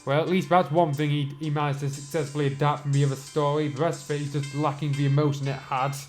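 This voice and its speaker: A man's voice: fairly high pitch, flat delivery, quick pace, darkish tone, faint music behind, low-quality recording. A man reading a story aloud and mocking it with sarcastic asides, now and then losing his place. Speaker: reader and reviewer. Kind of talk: sarcastic dramatic reading with commentary.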